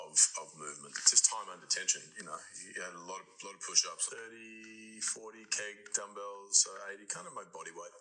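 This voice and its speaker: A middle-aged man chatting casually in an interview, relaxed and often laughing, with halting restarts as he thinks. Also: fairly low pitch, rough recording. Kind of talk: casual chat.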